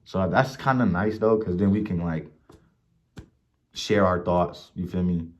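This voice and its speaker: A young man from Ohio vlogging, telling profane, animated stories about his life and acting out the people in them. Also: low-pitched, a little slow. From Mansfield, Ohio. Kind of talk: casual storytelling rant. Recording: dull lo-fi recording.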